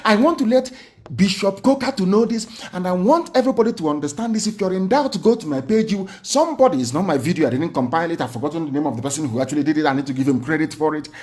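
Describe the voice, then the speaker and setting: A man's voice: a little high, animated, quick pace, a little mellow. A man giving an impassioned, indignant livestreamed speech full of rhetorical questions. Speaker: political speaker.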